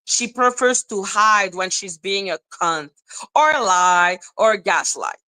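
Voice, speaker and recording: On a commentary livestream, a female host rants with profanity, sarcasm and scorn. She speaks slowly at a medium pitch, sounding expressive, bright and forceful, and the recording quality is low.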